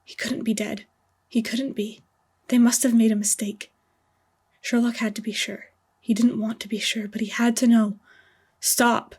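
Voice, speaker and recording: Breathy woman narrating an audio story. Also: a little high, level tone, normal speed, mellow. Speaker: fanfiction author reading her story.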